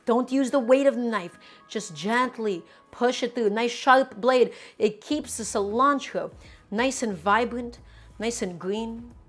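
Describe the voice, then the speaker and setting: A woman's voice: a little high, unhurried, fairly bright tone, faint music behind. A woman hosting a live cooking show from a home kitchen. She gives emphatic instructions, repeats key steps and speaks straight to her viewers.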